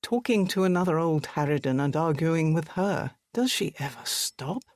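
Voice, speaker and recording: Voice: medium pitch, lively intonation, normal speed, no room sound, close to an everyday voice. An audiobook narrator voicing a reserved army major who speaks in a dry, clipped, wry way.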